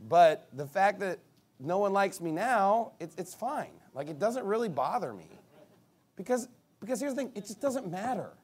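A man's voice: high voice, big pitch swings, normal speed, a little mellow, slightly rough. A man preaching a casual, conversational sermon, telling stories and mimicking other people's reactions. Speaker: pastor.

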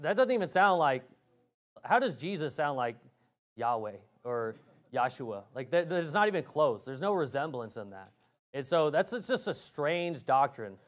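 A man preaching a sermon, firing off rhetorical questions with emphasis and frequent restarts. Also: fairly high pitch.

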